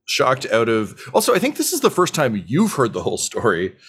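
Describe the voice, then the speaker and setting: A man's voice: mid-range voice, wildly swooping pitch, a little fast, fairly bright tone, husky. A man narrating as game master of a tabletop game, casual and full of fillers.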